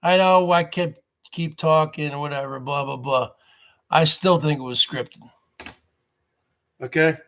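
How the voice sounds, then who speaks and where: A man in his forties with a fairly high voice rants through a casual monologue on his own show. He talks slowly and leans on mockery, repeating the same phrase again and again. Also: fairly even intonation, a bit bright. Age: 40s. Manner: repetitive, mocking, keeps circling back to one phrase. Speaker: host.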